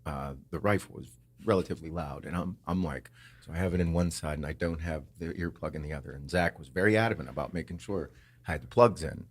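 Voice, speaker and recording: A man hosting a podcast, telling a story in a casual, animated way, swearing often and acting out what others said. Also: extremely low pitch, fast talker, husky. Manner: animated, swears a lot, acts out quotes. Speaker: podcast host.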